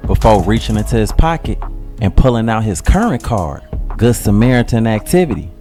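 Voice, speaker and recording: A man tells a dramatic first-person story in casual, slangy speech. His voice sits on the low side, with faint music playing behind him. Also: lively intonation, a little fast, mellow. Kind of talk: first-person skit narration.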